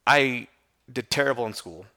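A man in an interview, a hair school franchise owner telling his story with self-deprecating humor. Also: medium pitch. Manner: fast, animated storytelling with self-deprecating laughs.

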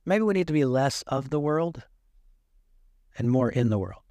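A man's voice: mid-range voice, animated, moderate pace, darkish tone, no echo, clean studio sound. A man, a pastor, preaching a sermon and retelling a story with quoted dialogue.

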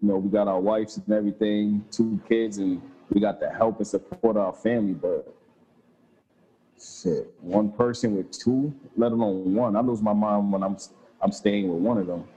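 A man in his thirties with a lowish, mellow voice talks in a loose, laid-back way, full of slang and easy swearing. It sounds like a casual catch-up between two dads, unhurried and conversational. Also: steady tone, husky, rough recording. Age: 30s. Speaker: father chatting with a friend. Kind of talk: casual chat.

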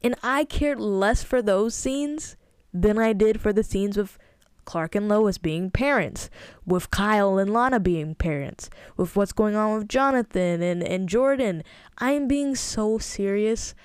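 A woman's voice: mid-range voice, measured pace, a little mellow, smooth, no echo, clean studio sound. A young adult woman hosting a podcast, reviewing a TV episode in a chatty, emphatic way with exasperated asides. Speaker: podcast host. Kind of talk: casual TV review monologue.

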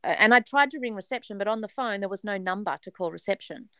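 A woman in her forties telling a personal story in a casual chat, animated and dramatic, often laughing. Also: mid-range voice, quick pace, dry recording.

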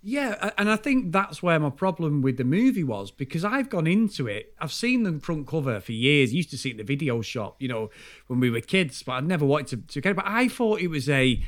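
Male podcast co-host, fairly high and very lively, animated and sweary storyteller. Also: a little fast. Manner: animated, swears freely, tells school anecdotes. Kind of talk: casual film review chat.

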